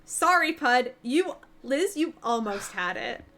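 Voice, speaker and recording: Bright, high-voiced woman game master. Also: lively intonation, takes it slowly. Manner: descriptive, with fillers and restarts. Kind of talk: narrating a tabletop game. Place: home, online voice call.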